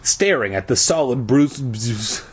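A man's voice: mid-range voice, lively intonation, takes it slowly, husky. A man reading a children's book aloud as a comedy, dropping crude, sarcastic asides. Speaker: reader.

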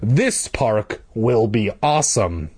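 A man's voice: on the low side, lively intonation, takes it slowly, a little mellow, breathy edge, full character voice. A man voicing a confident young girl urging her family on. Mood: eager. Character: bold, eager young girl narrator.

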